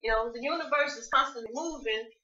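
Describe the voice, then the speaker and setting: A woman's voice: fairly high pitch, quick pace, pushed and bright, a little hiss or hum. A woman giving an emphatic spiritual talk as co-host of an online women's circle, recorded over a video call. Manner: emphatic, preachy, uses "baby" and "honey". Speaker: co-host, womb wellness teacher. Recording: roomy, dull video-call audio.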